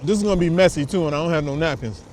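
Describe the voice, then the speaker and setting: Dude with a high voice doing a laid-back food review outside, bit of traffic noise behind him. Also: male voice, rapid-fire, a little mellow. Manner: laid-back slangy talk to viewers. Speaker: food vlogger host. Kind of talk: casual food review vlog. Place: outdoors on a windy city street.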